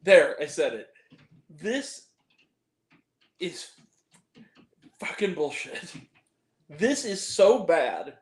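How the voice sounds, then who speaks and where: A man's voice: fairly high pitch, very animated, very slow, long pauses, roomy sound, low-quality recording. A man giving a ranting movie review, exasperated and profane, with self-deprecating asides. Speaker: film reviewer.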